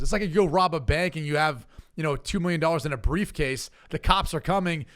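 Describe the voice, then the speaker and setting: A man's voice: fairly high pitch, fast talker, fairly bright tone. A man who is a former football quarterback, guesting on a sports podcast and bantering in a joking, easygoing way. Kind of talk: casual sports chat.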